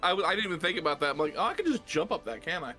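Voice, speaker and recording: A man's voice: a little high, expressive, very fast, pushed and bright, soft background music. A man playing a tabletop game, asking eager questions about the rules. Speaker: player. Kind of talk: casual tabletop play.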